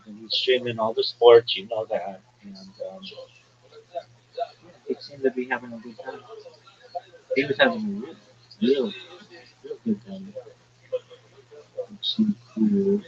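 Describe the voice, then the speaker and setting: Gravelly guy rambling on a livestream, pitch all over the place. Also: slow pace, pauses often. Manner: rambling, animated storytelling. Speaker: livestream host. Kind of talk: casual chat. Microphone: livestream call audio. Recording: dull lo-fi livestream audio.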